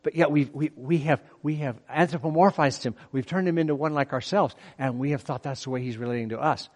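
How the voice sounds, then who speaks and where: Speaking fairly quickly in a high-leaning voice, a middle-aged man gives a lively, conversational sermon in a large hall, repeatedly turning to ask his audience questions.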